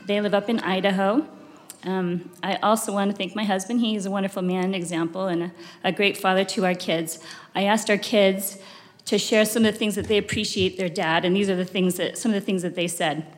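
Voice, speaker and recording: A woman in her fifties giving a talk at a church meeting, rambling and emotional, with many fillers and pauses. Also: mid-range voice. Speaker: church speaker. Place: church chapel. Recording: long reverb of a chapel hall.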